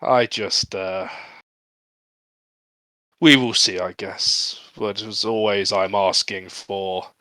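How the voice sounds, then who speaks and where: Man, low voice, bright and dry, halting in-character orc role-play. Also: steady tone, no echo, poor audio. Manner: halting, earnest delivery with frequent laughter. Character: earnest male orc, proud and restless. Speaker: player.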